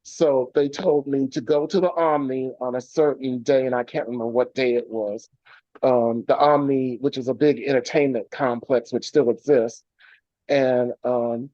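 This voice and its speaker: A man with a medium-pitched, darkish voice joins a remote radio interview as a journalist guest over a video call. He tells stories in rambling anecdotes full of fillers and restarts. The call audio is dry, muffled, dull and lo-fi.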